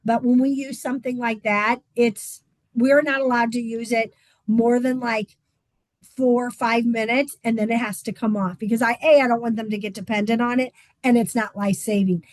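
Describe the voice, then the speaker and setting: A woman swim instructor talks casually in a fairly high voice, pausing often with "um" as she explains. The sound is dry and close, with no room echo. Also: fairly even intonation. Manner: chatty, with frequent "um" fillers. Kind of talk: casual informational talk.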